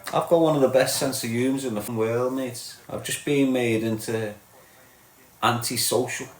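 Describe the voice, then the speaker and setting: Brief: middle-aged Liverpool man, blunt mocking live-stream rant, everyday pitch, roomy echo. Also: steady tone, moderate pace, slight background noise. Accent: Liverpool (Scouse). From Liverpool, England. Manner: blunt, sweary, mocking, tags lines with "lad" and "mate". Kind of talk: ranting live-stream chat with viewers.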